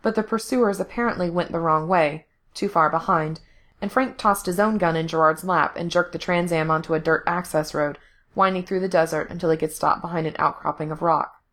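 A woman reading a story aloud, her voice set slightly low. She keeps an even, steady storytelling pace. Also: brisk. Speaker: narrator. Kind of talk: reading fan fiction aloud.

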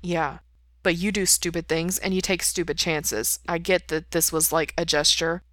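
Woman reading as a soft-spoken young vampire dude, short answers, bright voice. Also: fairly low pitch, level tone, moderate pace, no room sound, clean studio sound, natural voice. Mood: quiet. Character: quiet, guarded young male vampire.

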